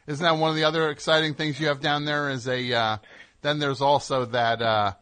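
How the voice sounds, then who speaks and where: A man's voice: on the high side, little pitch movement, brisk, a bit bright, slight background noise. A middle-aged man hosting a comedic call-in radio show, teasing his caller with rambling, joking tangents.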